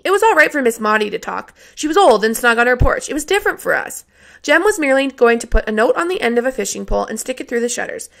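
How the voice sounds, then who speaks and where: A woman reading a novel aloud in a steady, plain storytelling way. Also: on the high side, fast, gravelly. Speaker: reader. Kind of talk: audiobook narration.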